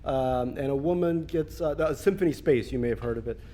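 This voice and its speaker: A man's voice: mid-range voice, brisk, dark tone. Self-mocking man joking onstage. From Russia. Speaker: author at a public reading. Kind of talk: onstage conversation and Q&A. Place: stage in an event hall.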